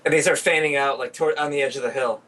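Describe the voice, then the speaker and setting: A man's voice: on the high side, steady tone, quick pace, a bit bright, poor audio. A man narrating as game master, loose and chatty with frequent laughs and filler words.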